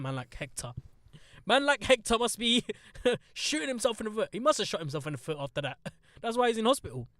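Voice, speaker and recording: A young man chats bluntly on a podcast, swearing and turning sarcastic. His voice sits high and the close mic sounds dry, with no room around it. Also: sing-song, brisk, fairly bright tone, no echo. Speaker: podcast host. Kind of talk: casual podcast chat.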